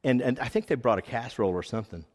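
Husky man preaching in an echoey hall. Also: medium pitch, rapid-fire, a little mellow. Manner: rambling, earnest storytelling with frequent fillers. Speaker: preacher giving testimony. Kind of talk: personal testimony sermon.

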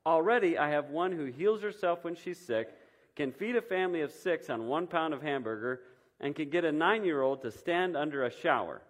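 A man's voice: on the high side, expressive, normal speed, pitched above the performer's own voice, close to an everyday voice. A man reading as the earnest Creator. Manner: earnest, explaining with fond pride. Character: patient, proud male Creator building mothers.

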